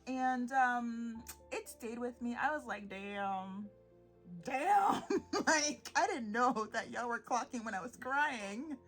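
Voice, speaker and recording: A young woman talks solo on her podcast in a high, bright voice. She is animated and sarcastic, laughs often and mocks in put-on tones. Faint music plays underneath. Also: measured pace, hardly any pauses. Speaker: podcast host.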